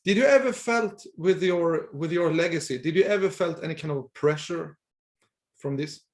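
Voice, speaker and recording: A man from Sweden, interviewing a guest in casual talk, often restarting his words. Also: a little high. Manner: halting, restarts mid-word. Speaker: interviewer, host. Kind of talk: casual conversation.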